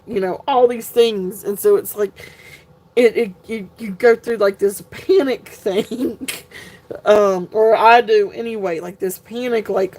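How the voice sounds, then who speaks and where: A woman's voice: mid-range voice, slow, a little mellow, poor audio. A woman, hosting a live sale stream in a chatty, flustered way with sighs and laughs. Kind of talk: casual live-stream chat.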